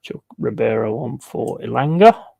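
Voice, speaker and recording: A man's voice: medium pitch, expressive, normal speed, gravelly, warm tone, husky, no echo. A man chatting casually on a live stream, swearing freely and telling a long rambling anecdote. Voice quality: swearing, laddish storytelling. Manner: rambling anecdote with repeated asides. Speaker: streamer playing a football management game.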